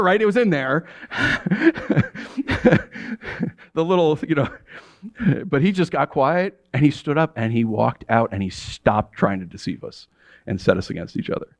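A man preaching a sermon as a pastor, animated and laughing often, acting out the voices of the people he quotes. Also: a little high, a little slow, no room sound.

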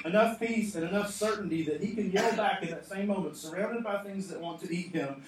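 Pastor, male, mid-high voice, storytelling sermon that builds to emphatic, laughing asides; distant mic in a boomy sanctuary. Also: fairly quick, few pauses. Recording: echoey hall, off-mic, faint noise.

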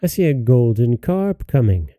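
A man's voice: medium pitch, very animated, normal speed, warm tone, dry recording, studio quality, lightly acted. A man doing an eager little talking dog. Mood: encouraging. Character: small loyal talking dog, cheerful.

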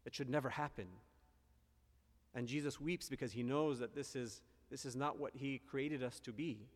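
A man of middle pitch preaches a sermon in a earnest, reflective way. He often pauses and restarts his sentences. His voice rings with a long echo in a large hall. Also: steady tone. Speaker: priest.

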